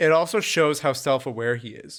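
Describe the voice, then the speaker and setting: A man's voice: medium pitch, fast, a bit bright. A man co-hosting a casual film chat, thoughtful and earnest. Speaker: film podcast co-host.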